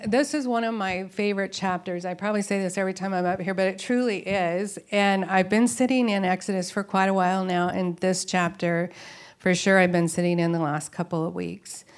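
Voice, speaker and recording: Woman, low-pitched, earnest and reflective, Bible study talk to a women's group. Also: steady tone, normal speed. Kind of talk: informal Bible teaching. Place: room with tables of women listeners.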